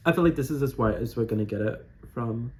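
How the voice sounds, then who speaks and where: Man, drag queen, chatty makeup tutorial, playful and giggly, medium pitch, phone camera, faint room hum. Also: a little mellow. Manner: playful, giggly and self-mocking. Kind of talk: casual chatty vlog narration.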